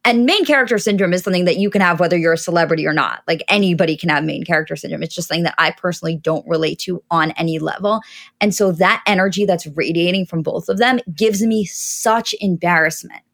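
A woman co-hosts a podcast in relaxed conversation, giving her opinions in long, emphatic stretches. Her voice sits a little low. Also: fast talker, vocal fry. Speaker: podcast co-host. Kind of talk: casual chat.

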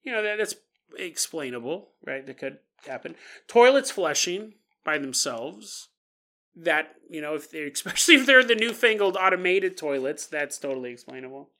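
A man hosting a paranormal storytelling podcast, talking casually in an animated, jokey way and laughing often. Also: fairly high pitch, normal speed. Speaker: podcast host.

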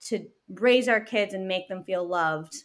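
This guest in a casual interview is a woman in her thirties and a working mother with a mid-range voice. Her talk is earnest, spirited, and punctuated by quick laughs.

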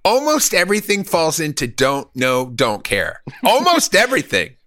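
A man co-hosting a podcast in casual chat, crude and laughing, breaking into loud joking bits. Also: a little high, huge pitch swings, moderate pace, dry recording, clean studio sound. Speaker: podcast co-host.

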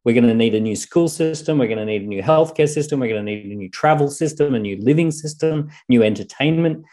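A man with an Australian accent, a guest author talking in a podcast interview, animated and thinking aloud with fillers. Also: mid-range voice, quick pace.

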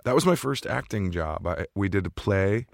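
A man's voice: low voice, animated, normal speed, vocal fry, no room sound. A middle-aged American man from St. Louis, chatting as a podcast guest with dry, wry jokes. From St. Louis, Missouri, USA. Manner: dry, joking, wry asides. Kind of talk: casual interview chat.

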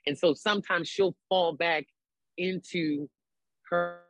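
A man from Baltimore in a casual group chat, playful and animated, jumping up in pitch to act out what he would say. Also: slow pace, rough recording. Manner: playful, animated, goes high for put-on lines. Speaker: panelist.

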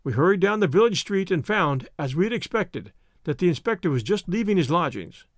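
A man narrates a classic detective story in a steady, measured way, his voice high and lively. The sound is dry and close to the mic, as in a booth recording. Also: no echo. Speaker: audiobook narrator.

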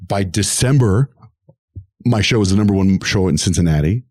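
A man's voice: low voice, moderate pace, no echo, clean studio sound. A middle-aged man, a radio host, telling his career story in an interview and acting out the voices of the people in it. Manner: animated, acts out quoted voices.

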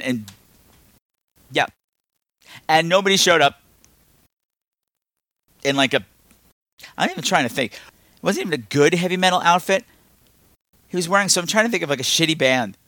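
Animated, exasperated male podcast host. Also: no room sound. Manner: rambling, exasperated, sarcastic; animated, with lots of pitch swings. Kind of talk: casual film review podcast.

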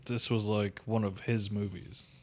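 A man's voice: fairly low pitch, little pitch movement, measured pace. A man co-hosting a podcast, joking and cursing casually while discussing a movie. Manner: profane, loose, joking. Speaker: podcast co-host. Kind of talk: casual movie review banter.

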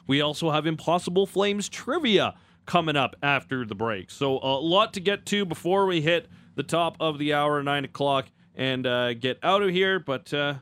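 A man hosting a sports radio show, running through segment links and interviewing a guest with brisk, upbeat delivery. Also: mid-range voice, fairly bright tone, no echo. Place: radio studio. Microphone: studio microphone.

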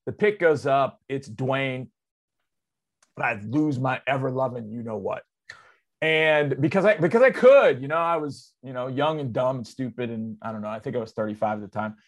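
Animated male sports radio host. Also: normal speed. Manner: animated, excitable storyteller with big swings in loudness and pitch; conversational, drops into loose asides. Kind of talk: casual on-air storytelling.

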